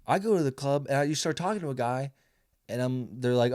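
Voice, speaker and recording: A man in his twenties, a comedian who hosts a podcast, talks a little fast and animated in a medium-pitched, darkish voice. The clean, echo-free studio recording carries his profane, rambling, self-mocking monologue.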